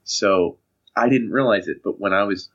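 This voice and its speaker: A young man telling casual anecdotes on a podcast, animated and acting out the voices of people in his stories. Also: lowish voice, normal speed. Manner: animated, acts out voices in anecdotes, laughs often. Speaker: podcast co-host. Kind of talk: casual storytelling chat. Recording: dull lo-fi podcast audio.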